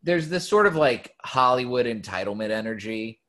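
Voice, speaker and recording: A young man who worked at comedy clubs, telling stories in casual chat, animated and swearing freely. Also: medium pitch, moderate pace. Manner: animated storyteller, swears freely, quotes people in lively bursts. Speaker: former comedy club staffer.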